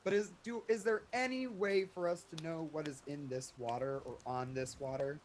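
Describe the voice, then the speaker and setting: A man's voice: on the high side, normal speed, slight background noise. A man with a mid-range voice, taking part in a tabletop game. He speaks hesitantly and often gets stuck repeating filler words, both as himself and in character. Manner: hesitant, stumbling over words. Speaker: player. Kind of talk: casual tabletop role-play.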